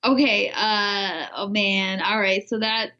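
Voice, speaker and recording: A woman's voice: medium pitch, steady tone, slow, sharp tone, highs cut off. A woman co-hosting a podcast in casual chat, bashful and giggly as she tells a story. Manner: giggly and bashful, laughing while telling a story. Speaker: podcast co-host.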